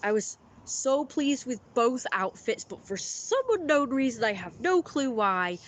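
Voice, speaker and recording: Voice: mid-range voice, expressive, measured pace, fairly bright tone. Rambling streamer, chatty. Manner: rambling, chatty storytelling with many fillers. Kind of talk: casual live-stream chat.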